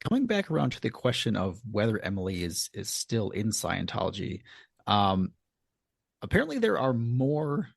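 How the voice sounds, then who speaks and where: A man's voice: lowish voice, huge pitch swings, moderate pace, gravelly, slightly rough, no echo, studio quality. A man co-hosting a podcast in casual chat, hesitant with many ums and stammered starts. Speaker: podcast co-host.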